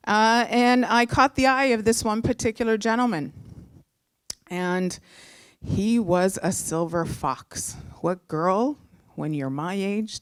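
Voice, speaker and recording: On a live show, a middle-aged woman shares a story from her own life in a lively, talkative manner peppered with fillers and false starts. She speaks slowly in a clean, mid-pitched voice, captured close and dry without any echo.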